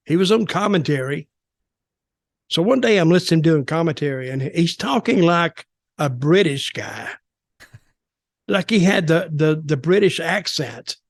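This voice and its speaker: A man's voice: on the high side, no room sound, clean studio sound. An older man hosting a podcast, telling stories in a rambling, folksy way with colloquial grammar. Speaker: podcast host. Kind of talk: storytelling interview.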